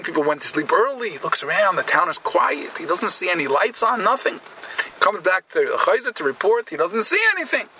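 A man telling a Hasidic story in with speech, animated, repeating and restarting phrases and slowing down for emphasis. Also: sits high, a little hiss or hum, rough recording.

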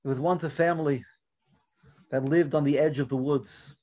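Man, Torah lecture, earnest, fairly high voice, soft passages, dull lo-fi recording. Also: fairly even intonation, normal speed. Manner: earnest, often drops to a quiet, soft delivery. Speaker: Torah teacher. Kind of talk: religious lecture with storytelling.

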